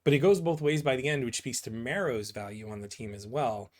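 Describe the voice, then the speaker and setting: A man's voice: medium pitch, fairly quick. A man giving casual, rambling commentary on comic book pages, full of fillers and asides that end in "right?". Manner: rambling, filler-heavy, keeps asking "right?".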